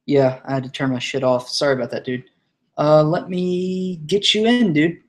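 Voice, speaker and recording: A man's voice: a little high, fairly even intonation, normal speed. A young man hosting a live stream, chatting casually, rambling, swearing and laughing while he sets up. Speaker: stream host.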